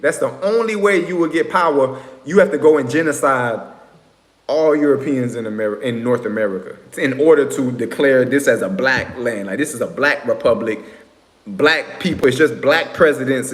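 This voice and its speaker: Rambling man in an echoey room. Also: mid-range voice. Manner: rambling, lecturing, fills pauses with "right?" and "you know what I'm saying". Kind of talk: casual monologue to viewers. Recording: echoey room with long reverb.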